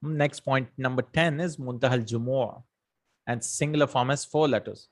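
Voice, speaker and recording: A man explaining Arabic grammar at an ordinary pitch, reciting verses and then unpacking them in English. He pauses with fillers, corrects himself, and keeps asking "right?" and "hmm?" to check the listener is following. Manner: many fillers and self-corrections. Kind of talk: explanatory lesson.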